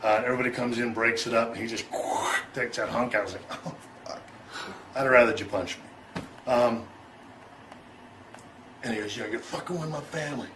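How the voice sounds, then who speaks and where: A man's voice: mid-range voice, level tone, moderate pace, pauses often, a bit bright, a little hiss or hum, low-quality recording. A middle-aged man telling a story in an interview, loose and profane, chuckling and acting out both sides of an argument. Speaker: interview guest.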